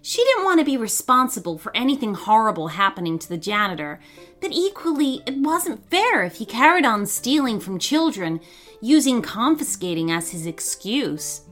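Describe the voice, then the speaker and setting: Expressive woman reading a storybook. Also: on the high side, normal speed, soft background music. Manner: expressive, dramatic narration.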